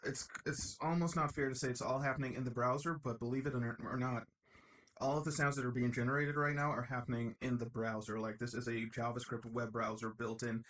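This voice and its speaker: A man talking casually while live-coding, excitable and enthusiastic, thinking aloud as he works in his home studio. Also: mid-range voice, a little fast. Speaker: developer live-coding a project. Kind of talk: casual live-stream commentary. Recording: loud steady hiss over the voice.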